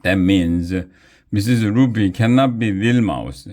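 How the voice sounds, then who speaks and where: A man's voice: on the low side, slow, darkish tone. Man voicing a smug know-it-all schoolboy. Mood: excited.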